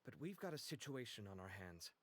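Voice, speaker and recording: An actor playing an excitable young male architect who talks in a chatty, animated way in game audio. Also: mid-range voice, brisk, a little hiss or hum, lightly acted. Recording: game audio with faint music.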